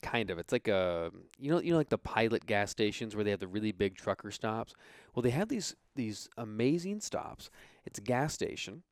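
A man's voice: fairly low pitch, big pitch swings, moderate pace, no room sound. Upbeat, rambling man hosting a podcast. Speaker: podcast host. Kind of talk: casual podcast talk.

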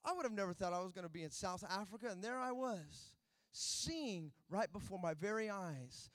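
A man preaching a sermon, telling a family story that builds into loud, emphatic preaching. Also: high-pitched, lively intonation, normal speed, no echo, studio quality. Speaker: pastor.

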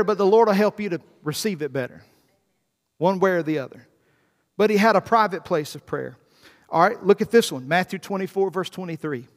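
A man, a pastor preaching a sermon, swinging from hushed, quiet passages to loud, emphatic ones. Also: sits high, lively intonation, a little fast. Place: church sanctuary. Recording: long reverb in a church hall.

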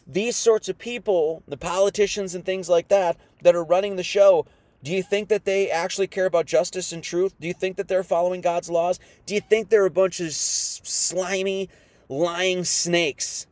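A man's voice: high-pitched, steady tone, moderate pace, darkish tone, no echo. A man preaching an informal sermon, firing off rhetorical questions in a folksy, combative manner.

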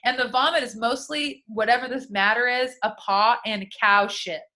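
A young woman with a bright, forceful voice, slightly higher than most, co-hosting a casual podcast. She swears a lot and tells stories with energy, acting out what each person said. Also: moderate pace. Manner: profane, animated storytelling. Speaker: podcast co-host. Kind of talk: casual chat.

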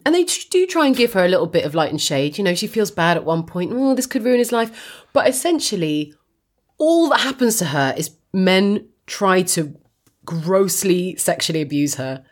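A woman co-hosting a casual podcast chat about a film, expressive and blunt, mimicking characters in high voices. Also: moderate pace. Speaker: podcast co-host.

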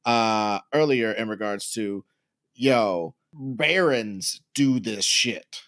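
A man's voice: lowish voice, slow pace, fairly bright tone, no room sound, clean studio sound. A man co-hosting a podcast, talking in loose, rambling, profane casual chat and laughing often. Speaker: podcast co-host.

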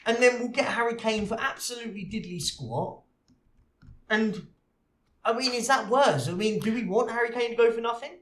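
A man co-hosting a casual football podcast, talking in halting restarts and homespun analogies. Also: extremely high pitch, fairly bright tone. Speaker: podcast co-host. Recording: roomy echo.

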